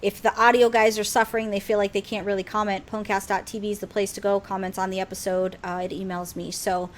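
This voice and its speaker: A young woman hosting a casual gaming podcast, chatty and quick to laugh as she reads listener mail. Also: medium pitch, flat delivery, slight background noise. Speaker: podcast host.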